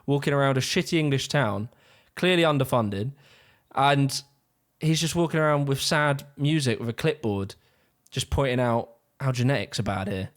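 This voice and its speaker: A man's voice: medium pitch, normal speed. Exasperated guy ranting over a video, sarcastic, swearing, plain mid voice. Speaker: YouTube reaction commentator. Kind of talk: ranting reaction commentary.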